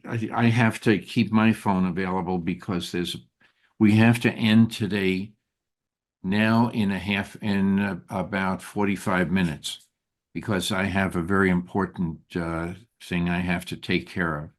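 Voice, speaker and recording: A man leading a group Torah study who is slowly losing his voice, talking in a halting way with many fillers and restarts. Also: low voice, fairly even intonation. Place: synagogue study room.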